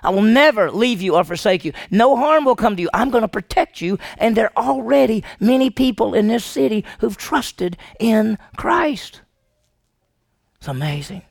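A man preaching a sermon to his congregation, animated and asking the room questions. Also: high voice, normal speed, gravelly, no echo, studio quality. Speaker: pastor. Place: church sanctuary.

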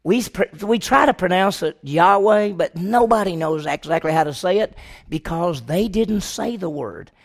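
Gravelly-voiced man teaching a Bible class. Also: high-pitched, animated, normal speed. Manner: emphatic, asks the class rhetorical questions; frequent restarts and repeated words. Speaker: Sunday school Bible teacher.

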